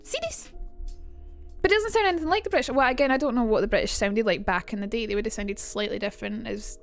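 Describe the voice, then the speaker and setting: A woman's voice: fairly high pitch, fast, faint music behind. Chatty woman streamer. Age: young adult. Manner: chatty, reacts to chat, swears casually. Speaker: streamer teaching accents. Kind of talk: casual live-stream chat.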